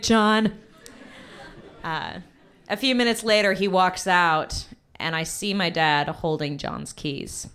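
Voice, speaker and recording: On stage, a young woman tells a personal story with lively energy, her pitch jumping high whenever she quotes people.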